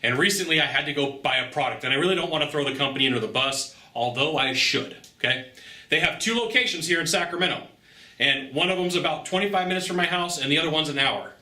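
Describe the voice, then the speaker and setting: Man, sales trainer, bright cutting voice, slightly high, animated storytelling, echoey room. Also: fast. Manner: animated storytelling with emphatic asides; conversational, tags points with "okay?" and "right?". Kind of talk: casual vlog monologue. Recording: roomy echo.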